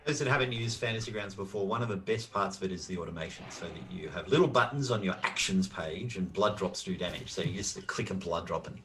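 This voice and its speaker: A man's voice: low voice, quick pace, hardly any pauses, crowd noise. A man acting as game master in an online tabletop game, patiently explaining the rules step by step. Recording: distant voice with faint music.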